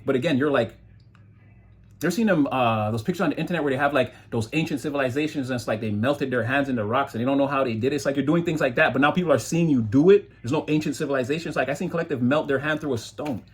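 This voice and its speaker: A tarot reader with a medium-pitched, slightly rough voice talks fast as he gives a loose, rambling reading. When he quotes people, he slips into mocking voices.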